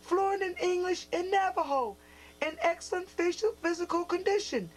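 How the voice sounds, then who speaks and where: A woman reading the lines of a gentle, firm old Navajo grandfather in a children's story. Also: very high-pitched, moderate pace, poor audio. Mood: reminiscing. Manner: soft, quiet, sometimes stern. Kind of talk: storybook read-aloud, character voice.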